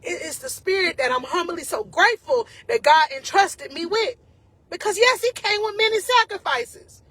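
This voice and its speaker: A woman's voice: very high voice, animated, moderate pace, a bit bright, no room sound. A woman life coach giving an emotional, encouraging faith talk to her viewers, casual and often close to tears.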